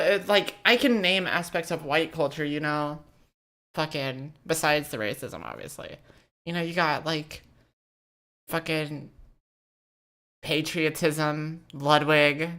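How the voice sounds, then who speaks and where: A woman's voice: deep voice, slow pace, pauses often, a bit bright. A woman from the United States co-hosting a podcast in casual, profane, joking chat. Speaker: podcast co-host.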